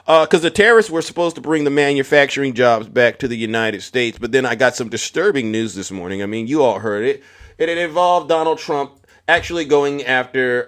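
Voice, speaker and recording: A man hosting a political commentary vlog in a mocking, animated way, talking straight to his viewers. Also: medium pitch. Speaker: host.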